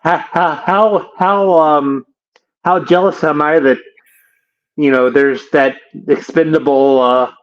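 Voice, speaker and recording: A man hosting a casual interview, who talks in a halting way with frequent restarts. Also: fairly high pitch, steady tone, muffled recording. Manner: halting, many fillers and restarts. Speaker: interview host.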